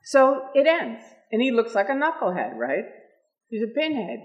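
An older woman giving an animated storytelling talk at an event, laughing often and acting out the people she quotes. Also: a little high, moderate pace, lo-fi sound. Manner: lively, laughs often, acts out quoted voices. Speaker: speaker at an event. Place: meeting room with audience.

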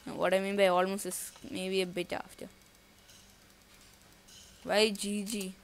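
Slow-talking jumpy woman gamer. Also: medium pitch, flat delivery. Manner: jumpy, thinks aloud, nervous outbursts; casual slangy talk to viewers. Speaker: gaming YouTuber. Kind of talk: live gameplay commentary.

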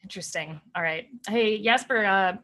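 A woman playing a tabletop game, chatting casually and reacting in an upbeat, quick way. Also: mid-range voice, bright, forceful tone. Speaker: player.

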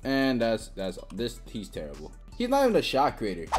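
Casting: young woman gamer host, very low voice, wildly swinging delivery, excitable trash talk over faint music. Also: moderate pace, breathy edge. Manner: excitable trash talk, sudden yelps and shouts. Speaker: gaming channel host. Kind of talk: live gameplay commentary.

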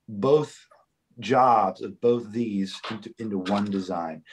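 A man's voice: medium pitch, husky, rough recording. Man casually guiding a factory tour. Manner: casual technical explaining with frequent "right?" and "um". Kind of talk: live virtual factory tour explanation. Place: indoors in a microphone factory.

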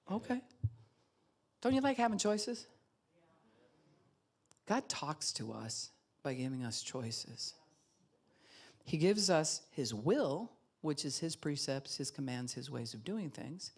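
A woman pastor preaching a sermon in an animated way, acting out other people's voices and laughing often. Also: low voice, takes it slowly, pauses often, slightly rough.

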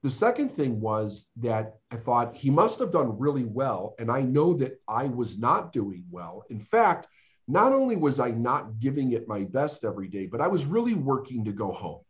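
A middle-aged man from the United States speaks as a podcast guest. His voice sits at an ordinary male pitch, and he tells his story in an earnest, heartfelt way, slowing down and pausing for weight. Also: sing-song. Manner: earnest, emotional storytelling with dramatic pauses. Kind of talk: storytelling interview.

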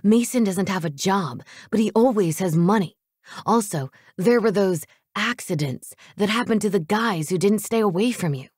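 A woman voicing an anxious, earnest young man who speaks in hushed, urgent tones, in a storybook reading. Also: medium pitch, normal speed, breathy edge, no echo, clean studio sound, close to an everyday voice. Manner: hushed, urgent, fearful whispering.

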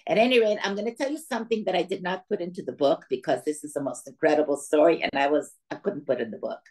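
An older woman from the Soviet Union speaks in a low voice at a quick pace, telling her life story as a guest speaker to an audience of women. She is a lively storyteller who acts out the dialogue she quotes.

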